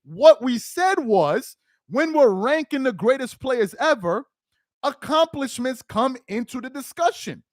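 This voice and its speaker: Ranting reaction host, incredulous and loud, high lively voice, dry sound. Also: male voice, measured pace, no room sound. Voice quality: exasperated, incredulous, loud outbursts. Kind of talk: ranting commentary over a played clip.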